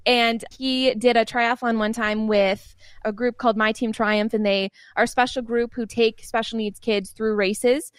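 A woman's voice: fairly high pitch, steady tone, moderate pace, clear, resonant tone, dry recording. A young woman, an interview guest, telling family stories in a chatty way and laughing often. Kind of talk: casual storytelling in an interview.

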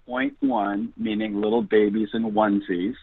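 A man's voice: fairly low pitch, wildly swooping pitch, normal speed, creaky, slightly rough, no echo. A man guest on a radio interview, talking earnestly and encouragingly like a preacher. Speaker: guest, ministry founder. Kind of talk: enthusiastic radio interview talk. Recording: dry phone-line audio.

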